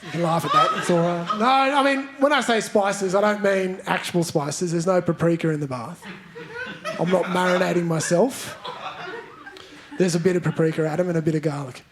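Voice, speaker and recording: High-voiced man doing stand-up. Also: normal speed. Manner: playful, banters with audience members, leads chants. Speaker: stand-up comedian. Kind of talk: stand-up comedy with crowd work. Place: large theatre stage. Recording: live theatre recording with crowd noise. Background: audience laughter.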